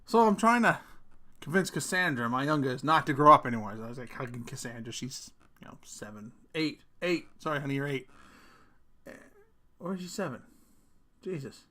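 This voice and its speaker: A middle-aged man, a father, ranting casually to camera in an animated, emphatic way, with sudden loud bursts and casual swearing. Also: mid-range voice, fairly quick, pauses often. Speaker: vlogger, father.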